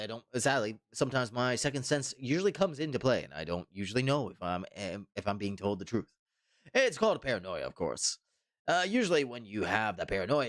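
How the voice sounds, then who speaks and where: A man's voice: mid-range voice, a bit bright, no room sound, clean studio sound. A man streaming live, chatting casually and reading viewer comments, rambling and repeating himself with mock indignation. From Canada.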